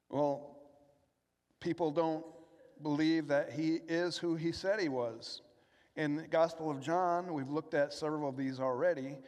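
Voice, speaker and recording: A man's voice: fairly high pitch, a little mellow. Earnest male preacher in a reverberant hall. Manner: earnest preaching, rhetorical questions and scripture reading. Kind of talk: sermon.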